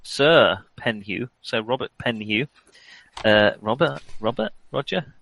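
A man's voice: medium pitch, animated, unhurried, gravelly, fairly bright tone, rough recording. A man acting as game master, narrating clues in a rambling, self-mocking way and stumbling over names. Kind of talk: narrating a tabletop horror game.

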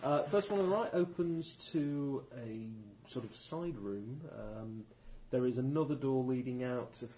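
A man's voice: mid-range voice, a little slow, few pauses, mellow, poor audio. A man running a tabletop role-playing game as game master, describing rooms with frequent ums and uhs. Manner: hesitant, lots of ums and uhs.

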